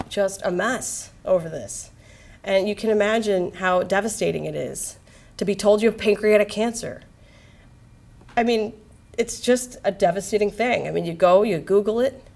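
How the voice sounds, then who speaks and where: A woman physician giving a medical lecture in a casual, candid, lively way, full of slang and asides. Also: mid-range voice. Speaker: palliative care physician.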